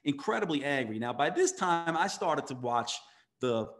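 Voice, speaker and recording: A man's voice: fairly high pitch, animated, moderate pace, fairly bright tone. A man who is a podcast guest, a physician and coach, telling a story with emphasis and acting out the voices of the people in it. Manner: emphatic, acts out quoted voices. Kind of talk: storytelling interview talk.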